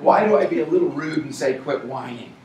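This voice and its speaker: An American man giving a lively motivational speech at a sales event, punching key points with shouts and humor. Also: a little high, quick pace, distant mic, heavy background noise. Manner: energetic, playful, shouts for emphasis. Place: large event hall with audience. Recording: echoey hall, voice from afar.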